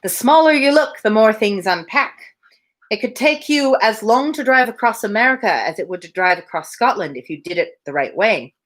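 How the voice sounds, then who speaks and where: A woman's voice: a little high, expressive, moderate pace, fairly bright tone. A woman voicing a chatty little man in a pub who tells jokes and muses aloud, now and then rolling an R. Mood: musing. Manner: talkative, joke-telling, faint rolled R. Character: chatty little male pipe-smoker in a pub.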